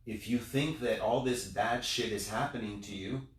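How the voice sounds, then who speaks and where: A man, a business owner, tells a story as the guest in a casual interview, building up in an animated way and then dropping quiet. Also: fairly low pitch, normal speed. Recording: roomy sound, distant mic.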